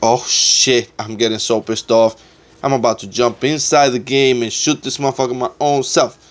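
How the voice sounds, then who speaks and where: A man's voice: mid-range voice, fairly even intonation, moderate pace. A young man giving casual, trash-talking commentary over his own gameplay, swearing often and getting exasperated.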